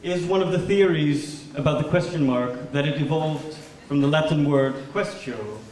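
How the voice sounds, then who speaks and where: In a big lecture hall, a performance speaker poses question after question, his pitch climbing at the end of each. His voice is fairly high and slightly mellow, his speed normal, and the distant recording carries echo and faint noise.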